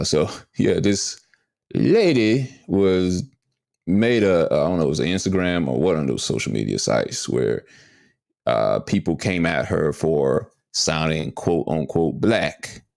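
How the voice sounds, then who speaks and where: Male podcast host, very deep, gravelly, drawling. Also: animated, measured pace, darkish tone, no room sound, clean studio sound. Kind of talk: casual chat.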